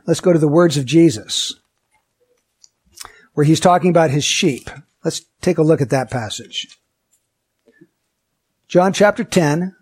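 A man preaching a sermon, earnest and emphatic, asking the listeners rhetorical questions and slowing down to stress key words. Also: on the high side, breathy edge. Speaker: pastor.

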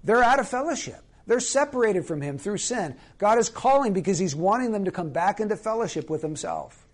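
A man with a notably high voice delivers a sermon. He preaches earnestly, leaning on key words and slowing to drive points home. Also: lively intonation. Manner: earnest, emphatic preaching with slow, stressed phrases.

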